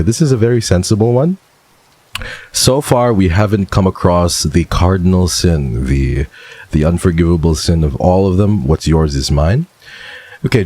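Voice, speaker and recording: A man's voice: low voice, dark tone, husky. A man streaming casually, reading viewer messages aloud in a playful, teasing way and laughing often.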